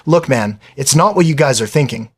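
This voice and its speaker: A man's voice: mid-range voice, expressive, a little fast, husky. A man reading the lines of a flustered teenage boy who keeps protesting defensively. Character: flustered teenage boy, reluctant fake boyfriend.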